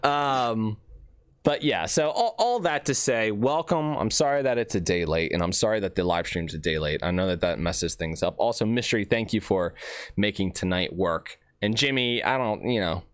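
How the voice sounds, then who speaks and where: A man hosting a casual podcast, rambling in an animated, self-joking way while nursing an aching tooth. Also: lowish voice, moderate pace, clean tone, dry recording, clean studio sound. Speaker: podcast host.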